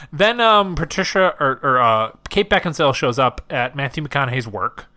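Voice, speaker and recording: A man's voice: mid-range voice, lively intonation, moderate pace, sharp tone. A man co-hosting a casual podcast, recapping movie scenes with wry remarks. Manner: wry, recaps plot step by step. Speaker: podcast co-host. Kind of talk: casual movie review chat.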